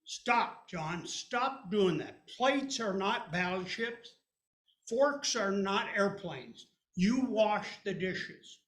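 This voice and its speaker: An older man voicing a bossy older sister who scolds her little brother in slow, loud bursts, in an echoey room. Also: medium pitch, expressive. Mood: bossy, scolding.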